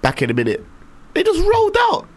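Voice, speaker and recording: Man, twenties, rapid, slangy, animated anecdotes. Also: extremely high pitch, a crowd in the background. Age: 20s. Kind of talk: casual chat, storytelling.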